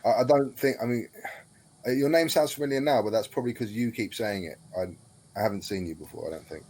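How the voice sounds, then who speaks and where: A man playing a tabletop game, speaking in character in a dry, measured way. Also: mid-range voice, darkish tone. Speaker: player.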